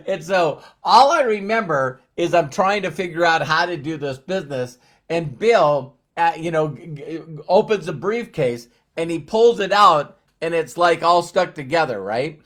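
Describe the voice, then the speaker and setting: A man's voice: on the high side, expressive, a little slow, a bit bright. A man in his fifties hosting a live-streamed motivational talk, upbeat and rambling, with many fillers and restarts. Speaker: network marketing presenter.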